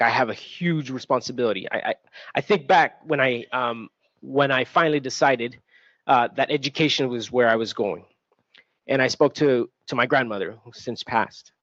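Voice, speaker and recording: A man's voice: mid-range voice, normal speed, a bit bright, dry recording, dull audio. A middle-aged man from Texas, a school administrator, speaking on a panel in an earnest, reflective way with restarts. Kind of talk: panel talk, personal testimony. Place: event venue.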